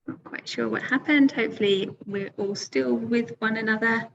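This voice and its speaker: A woman's voice: on the high side, steady tone, normal speed, creaky, background noise. Patient woman teaching online, lo-fi audio. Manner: patient, explains step by step with fillers. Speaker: English teacher. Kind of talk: webinar lesson.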